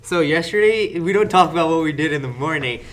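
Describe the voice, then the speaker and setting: A man's voice: a little high, lively intonation, a little fast. A teenage boy co-hosting a podcast, telling teasing stories about his friends. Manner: storytelling, teasing. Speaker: podcast co-host. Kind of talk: casual chat among friends.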